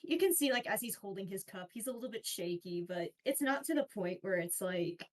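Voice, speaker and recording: A woman playing a tabletop game, describing her character in a halting way with fillers. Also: medium pitch, animated. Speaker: player.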